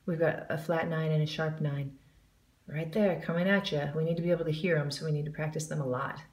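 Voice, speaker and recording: A woman's voice: deep voice, fairly even intonation, fairly quick, a little mellow, reverberant. A woman giving a jazz singing lesson, explaining the music and counting in before she scat-sings the examples. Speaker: vocal jazz teacher.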